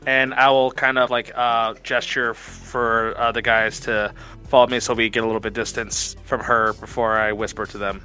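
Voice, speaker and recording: A man's voice: medium pitch, level tone, moderate pace, bright, forceful tone. A man playing a tabletop game, talking casually in character, reassuring and rambling with many fillers, over light background music. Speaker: player.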